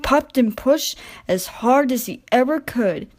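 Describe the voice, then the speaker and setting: A woman narrates a children's railway storybook in a gentle, expressive reading voice. Her pitch sits a little high for a woman. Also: unhurried.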